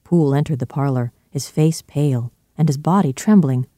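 A man narrating a classic novel in a clear, steady storytelling style. His voice is mellow and dark, and the recording is dry and close. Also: a little high, moderate pace, no room sound. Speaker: audiobook narrator. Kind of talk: scripted narration.

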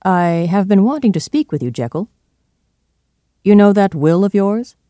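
A reader voicing a calm, worried male lawyer in a storybook reading, speaking slowly and gravely. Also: mid-range voice, dry recording, voice pushed up, natural voice.

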